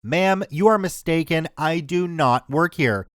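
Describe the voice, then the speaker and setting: A man voicing a big, gentle man who talks softly and calmly. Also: on the high side, unhurried, dry recording, studio quality, lightly acted. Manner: soft, calm, soothing.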